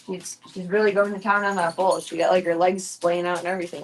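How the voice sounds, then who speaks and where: A woman's voice: fairly low pitch, steady tone, brisk, few pauses, a little hiss or hum. A young woman streaming from home, chatting casually, swearing freely, and cooing baby talk at her pets. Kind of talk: casual live-stream chat.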